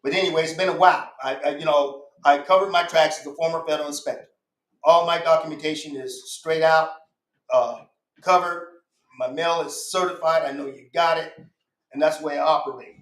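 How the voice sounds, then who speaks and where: A man's voice: a little high, fairly even intonation, brisk, a bit bright. A man guest on a podcast, speaking in an emphatic, insistent way and repeating his points. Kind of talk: casual podcast conversation. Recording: echoey room.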